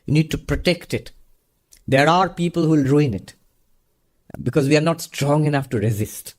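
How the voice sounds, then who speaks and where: A man's voice: fairly high pitch, moderate pace, darkish tone. A man, a monk and spiritual teacher, answering a question in an earnest, storytelling way. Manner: earnest storytelling with frequent laughter. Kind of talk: spiritual Q&A talk.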